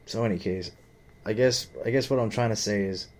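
A man's voice: lowish voice, fairly quick, a little hiss or hum. A man telling a rambling, profane story about his father and his boss, full of fillers and agitation. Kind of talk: rambling personal rant.

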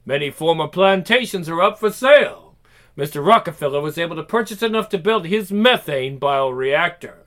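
A man's voice: on the high side, expressive, normal speed, a bit bright. A man voicing an earnest male inventor with a put-on German accent, formal and businesslike.

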